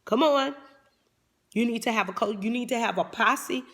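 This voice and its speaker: Casting note: woman motivational coach, high-pitched voice, fervent preaching delivery. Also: normal speed, fairly bright tone. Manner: fervent preaching cadence, repeats "come on". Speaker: life coach. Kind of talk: motivational talk.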